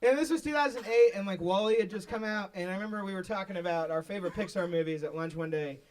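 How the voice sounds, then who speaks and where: A man doing a stand-up comedy set, telling stories in an animated way that breaks into high excited shouts. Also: fast talker, slight background noise. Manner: animated storytelling, shouting into squeaky high bursts when excited. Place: small live venue with audience. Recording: live club recording, mic at a distance, audience laughter.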